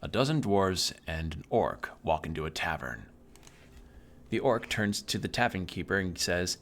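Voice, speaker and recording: A man streaming a game, reading its text aloud evenly, with sudden loud outbursts. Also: low voice, expressive, moderate pace.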